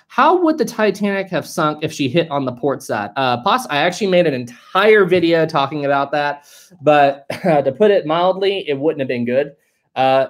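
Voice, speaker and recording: A man with a light West Virginian accent hosts a live stream. He reads viewer questions aloud and answers them in a relaxed, chatty way. His pitch rises and falls a lot as he talks. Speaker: history channel host.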